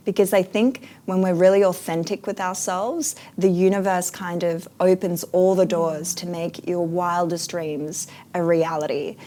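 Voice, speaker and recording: Woman guest in an interview, kinda low pitched, earnest and thoughtful, lots of ums. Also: fairly even intonation, a little slow, hardly any pauses, dark tone, a little hiss or hum. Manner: earnest, reflective, frequent fillers. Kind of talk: casual interview.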